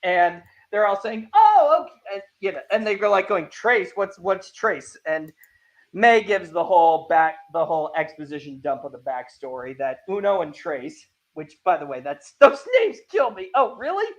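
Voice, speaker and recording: High-voiced man animatedly retelling an anime. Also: moderate pace, highs cut off. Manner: animated retelling, acts out characters' lines. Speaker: podcast host. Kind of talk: casual anime review chat.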